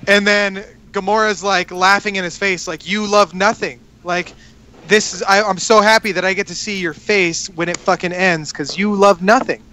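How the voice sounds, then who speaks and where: A man's voice: high-pitched, fairly even intonation, moderate pace, pushed and bright. A man in casual chat, giving a rambling, profanity-filled recap of a plot with many fillers. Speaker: podcast co-host.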